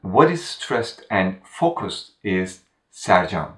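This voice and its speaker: A man narrates a scripted grammar lesson at a slow, careful pace and repeats each example twice. His voice sits fairly low. The recording sounds roomy, with the mic set back from him. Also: sing-song, far from the mic. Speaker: language teacher.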